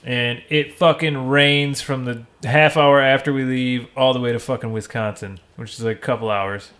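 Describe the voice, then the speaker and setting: A man's voice: medium pitch, steady tone, normal speed, a bit bright. A man from Michigan in casual podcast chat, telling rambling, profane stories with lots of quoted dialogue.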